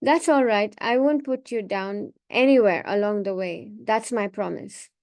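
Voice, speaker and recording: An old holy sage who is gentle and sweetly coaxing, as a woman storyteller gives him voice. His voice stays at an ordinary middle pitch, as in a story read aloud to a group. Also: measured pace, lightly acted. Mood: reassuring. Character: old male sage, kindly then coaxing.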